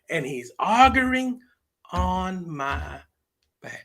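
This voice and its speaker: A man's voice: on the high side, expressive, sharp tone. A man preaching a sermon as pastor, with speech, drawing out scripture quotes and talking back and forth with the congregation. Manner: preaching with call-and-response asides, quoting scripture in a drawn-out sing-song.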